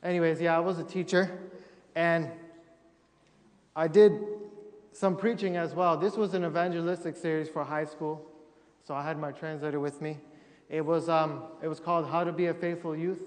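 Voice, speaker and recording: A young man with a fairly high voice tells funny stories of his mission work to a church crowd. He acts out the voices in his stories. His voice rings with the long echo of a big church hall. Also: level tone, moderate pace, pauses often. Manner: humorous storytelling, acting out quotes. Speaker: missionary speaker. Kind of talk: testimony talk to a congregation. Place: church sanctuary.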